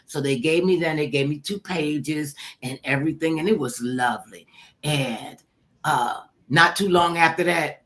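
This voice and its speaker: An older woman with a low voice, a talk show host, tells her own lively story in a casual chat. She is animated, acting out the voices she quotes and laughing along the way.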